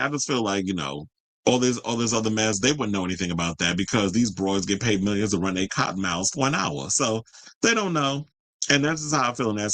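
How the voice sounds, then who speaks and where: A man's voice: on the low side, a bit bright, no echo, rough recording. Profane, combative man hosting a commentary stream. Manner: talks straight to viewers and chat comments. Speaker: host of a pop culture commentary channel. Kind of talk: livestream commentary rant.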